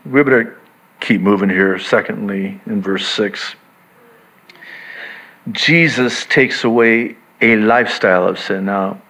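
A man preaching a sermon to his church, swinging from hushed reflection to excited emphasis, with joking asides. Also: on the low side, takes it slowly, pauses often. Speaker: pastor. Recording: dull lo-fi sound.

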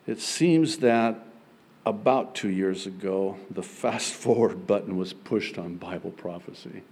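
A man preaching a sermon as pastor, earnest, moving between soft passages and emphatic ones. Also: on the low side, measured pace, husky.

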